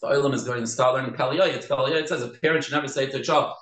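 A man teaching a Torah class as a rabbi, animated, mixing Hebrew terms into English and acting out quoted speech. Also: mid-range voice, racing. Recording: roomy echo.

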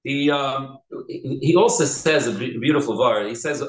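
A man teaching a Talmud class, animated and quick, with many restarts. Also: medium pitch. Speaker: Torah teacher. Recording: echoey room.

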